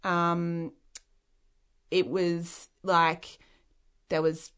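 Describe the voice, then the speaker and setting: A woman's voice: lowish voice, level tone, drawn-out words, fairly bright tone, clear, resonant tone. A woman with an Australian accent, an interview guest telling a personal story in a frank, rambling way with many "like" fillers.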